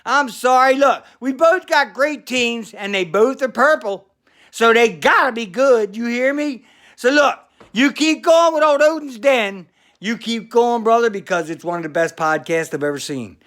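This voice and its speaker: A former pro wrestler, a man, giving a loud congratulatory shout-out in a hollering, sing-song manner. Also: very high voice, lively intonation, normal speed. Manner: hollering, sing-song, calls everyone brother. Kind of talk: loud congratulatory video message.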